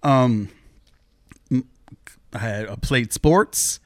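Relaxed man telling stories, dry sound. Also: mid-range voice, extremely slow, no echo. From Pacific Northwest, US. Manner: rambling, lots of fillers, animated when quoting others. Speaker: guest. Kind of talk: casual storytelling interview.

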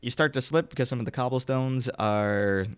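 A man narrating a tabletop game as game master in a wry, deliberate way. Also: mid-range voice, clear, resonant tone.

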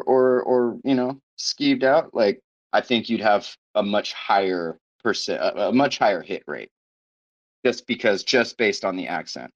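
Guy hosting a podcast, lowish voice, sarcastic and sweary, kinda muffled lo-fi sound. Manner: sarcastic, profane, riffs loosely while reading news aloud. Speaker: podcast host. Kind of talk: casual podcast banter. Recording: dull lo-fi podcast audio.

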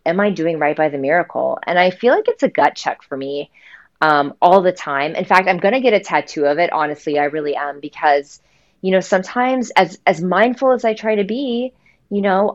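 A woman's voice: on the low side, muffled recording. A woman author talking earnestly in a podcast interview, with lots of "you know" and "um" fillers. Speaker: author guest. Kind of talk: reflective podcast conversation.

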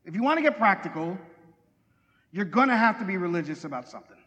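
A man with a fairly high voice preaches a relaxed, conversational sermon. He jokes and asks his listeners questions. The sound carries a long reverb from a church hall. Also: fast, dull audio. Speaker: pastor.

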